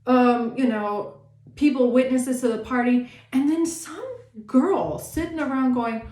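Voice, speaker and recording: A woman giving a casual tarot reading, animated and sassy, swearing often and acting out the people she talks about. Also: high-pitched, measured pace, echoey room. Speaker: tarot reader.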